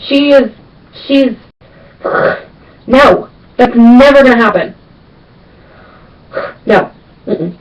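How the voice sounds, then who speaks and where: A woman's voice: fairly high pitch, slow, pauses often. A young woman answering viewer questions in a casual vlog, chatty and emphatic, repeating words for stress. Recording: distant, dull lo-fi webcam sound.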